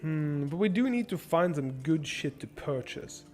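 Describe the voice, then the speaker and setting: A young man streaming a strategy game, swearing and thinking out loud as he plans and shops. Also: on the high side, expressive, unhurried, soft background music. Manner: profane, rambling, thinks out loud. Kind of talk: casual gameplay livestream commentary.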